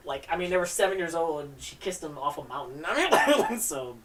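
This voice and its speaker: Lady streamer rambling about comics and laughing a lot, low-ish voice, sits back from the mic. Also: very animated, a little fast, fairly bright tone, recorded from a distance. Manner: rambling, laughs often, enthusiastic. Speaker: live stream host, comic artist. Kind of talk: casual live-stream comic reading.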